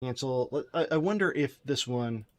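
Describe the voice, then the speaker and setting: A man streaming his game development live, thinking aloud as he works and chatting with his viewers in a relaxed, friendly way. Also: mid-range voice, moderate pace. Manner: thinks aloud while coding, mutters to himself; friendly, thanks chat viewers directly. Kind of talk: casual live-stream chat.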